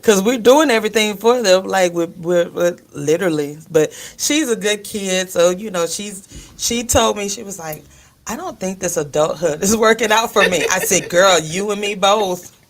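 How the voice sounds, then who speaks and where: A woman's voice: mid-range voice, normal speed. A middle-aged woman co-hosting a radio talk show, telling funny family stories with lots of laughter and acted-out quotes. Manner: animated storyteller, laughs often, quotes others in voices. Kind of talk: casual chat.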